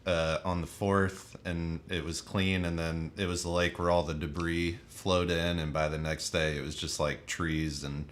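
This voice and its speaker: A man's voice: low-pitched, little pitch movement, unhurried, hardly any pauses. A man from Texas, a guest chatting casually and agreeably on a livestream. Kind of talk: casual chat.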